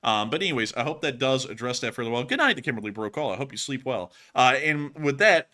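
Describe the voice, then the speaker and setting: A male live-stream host speaks in a bright, forceful voice that he deliberately pushes up for excitement. His phrasing is emphatic and packed with repeated thank-yous to viewers. The voice is still recovering from recent vocal cord strain. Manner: raised on-air voice pushed higher for excitement. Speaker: livestream war news host. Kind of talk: live-stream chat answering viewer questions.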